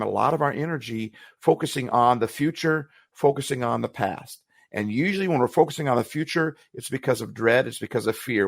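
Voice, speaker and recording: A medium-pitched man co-hosts a motivational podcast, speaking in an earnest, reflective way and circling back on phrases as he looks for words. The sound is studio quality, without echo.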